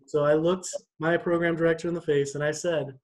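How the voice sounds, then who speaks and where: A young man with a slightly higher-than-average voice tells a personal story during a church devotion. His delivery is animated and conversational, as if chatting with friends. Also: fairly quick, poor audio.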